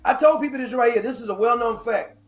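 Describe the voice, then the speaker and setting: High-voiced man with blunt mocking talk. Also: fast. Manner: mocking, laughing often, blunt and profane. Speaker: political commentator. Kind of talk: casual political chat on a live stream. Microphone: live stream microphone.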